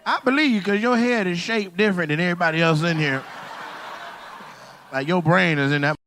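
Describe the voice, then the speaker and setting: Loud, bright-voiced stand-up man. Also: high voice, a little fast. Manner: loud, teasing, shouts punchlines. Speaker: stand-up comedian. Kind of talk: crowd work stand-up. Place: comedy club stage.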